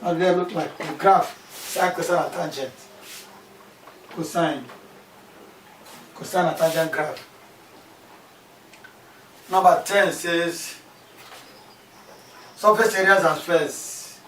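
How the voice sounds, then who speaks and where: A mathematics teacher with a fairly high, slightly bright voice gives a classroom lesson at a slow pace, with fairly even intonation and frequent pauses. He repeats key terms and asks questions aloud, recorded from far off in an echoey room with faint background noise.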